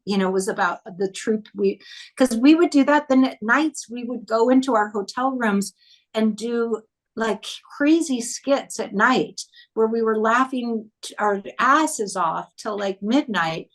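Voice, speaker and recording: A woman's voice: a little high, a little slow, low-quality recording. A woman film director, a guest on an interview show, telling anecdotes from a film set and acting out the lines of the people she quotes. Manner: animated, acts out quoted dialogue. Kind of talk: casual interview storytelling.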